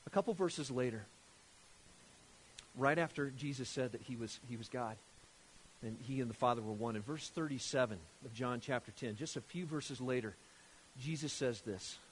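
A man preaching a sermon from scripture, animated and emphatic, firing rhetorical questions at his listeners. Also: mid-range voice, moderate pace, slight background noise.

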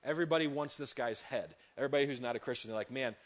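A man, a youth pastor, giving a sermon full of lively, funny personal stories. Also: medium pitch, very fast. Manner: lively storytelling, animated and humorous.

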